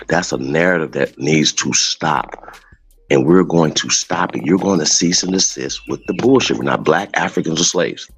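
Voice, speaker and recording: A man's voice: low-pitched, breathy edge, dry recording, low-quality recording. A man hosting a live talk show, ranting in a heated, profane, emphatic way over faint music. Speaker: show host. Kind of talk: casual live show rant.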